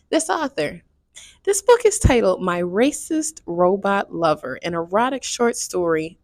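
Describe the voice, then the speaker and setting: A woman's voice: mid-range voice, no echo, clean studio sound. A woman chatting casually to her viewers in a book review vlog. She swears freely and keeps checking in with her audience.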